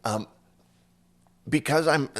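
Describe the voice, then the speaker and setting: A man's voice: a little high, takes it slowly. A man hosting a podcast conversation, telling stories from his own life and acting out other people's lines. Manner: tells stories with lively quoted voices. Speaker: podcast host. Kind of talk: casual conversation.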